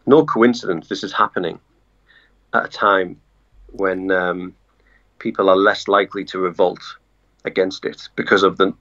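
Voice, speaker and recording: Male guest on a live stream: low, creaky voice, halting delivery, muffled lo-fi sound. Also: a bit bright. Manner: halting, searching for words. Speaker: interview guest. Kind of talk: casual live-stream conversation.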